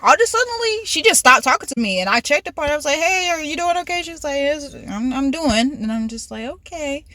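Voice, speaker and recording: A woman's voice: high voice, animated, fast talker, few pauses, sharp tone, no echo. A woman in her twenties telling a casual, rambling story from her car and laughing often. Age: 20s. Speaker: vlogger.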